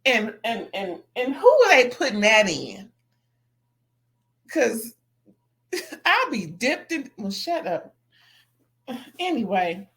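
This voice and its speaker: A woman's voice: fairly high pitch, very animated, takes it slowly, long pauses, fairly bright tone. A woman chatting casually as she recaps a reality TV episode, gossipy and slangy, laughing often between remarks. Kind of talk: casual commentary.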